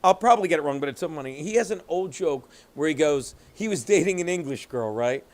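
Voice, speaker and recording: A man's voice: fairly high pitch, animated, fast. A man hosting a podcast, chatting casually and retelling jokes with a laugh. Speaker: podcast host. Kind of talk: casual chat.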